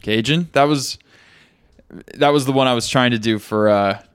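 A man's voice: mid-range voice, normal speed, clean tone, dry recording, clean studio sound. A man hosting a casual podcast chat, talking hesitantly with many restarts. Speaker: podcast host.

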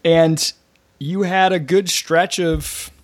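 A man's voice: on the high side, steady tone, slow pace, no room sound. A man hosting a casual interview, recapping the guest's story and prompting him with questions. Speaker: podcast host.

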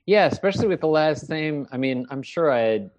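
A man's voice: fairly high pitch, expressive, a little mellow. A man guesting on a casual podcast, chatty and easygoing. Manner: easygoing, chatty, drops into quick impressions. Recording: dull, lo-fi remote audio.

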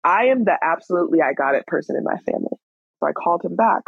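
Gravelly, husky woman in her thirties. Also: on the low side, animated, fast talker, dry recording, narrow, tinny audio. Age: 30s. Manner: frank, candid, blunt with swearing. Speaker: storyteller. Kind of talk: personal storytelling.

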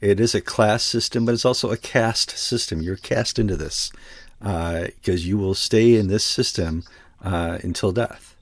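Wry male co-host, deep voice, dry close mic. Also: normal speed, no room sound. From United States. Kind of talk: casual discussion.

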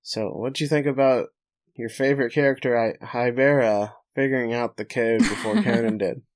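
A man's voice: mid-range voice, fairly even intonation, moderate pace. A man recapping an anime episode for a podcast, joking and laughing between plot summaries. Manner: narrates plot, then jokes and laughs. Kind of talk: casual recap chat.

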